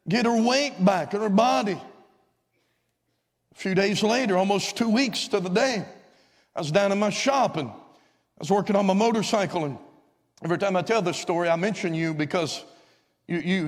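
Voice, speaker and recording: Man, evangelist, high voice, fervent revival preaching, long church reverb. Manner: fervent storytelling, rising to shouts of praise. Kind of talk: revival sermon storytelling. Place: church sanctuary.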